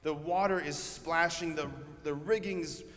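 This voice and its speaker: A Catholic priest preaching a homily in a conversational, earnest way, telling a story vividly. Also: male voice, a little high, fairly even intonation, a little slow, a bit bright, in a large hall.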